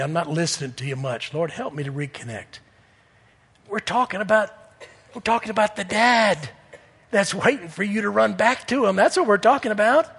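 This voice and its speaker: A man preaching a sermon in earnest, swinging from loud appeals to hushed near-whispers. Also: high voice, slightly rough, long reverb tail.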